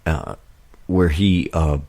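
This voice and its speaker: A man's voice: extremely low pitch, expressive, slow pace, vocal fry, warm tone. An American man hosting a political talk radio show, speaking in a rambling, indignant way with many fillers and restarts.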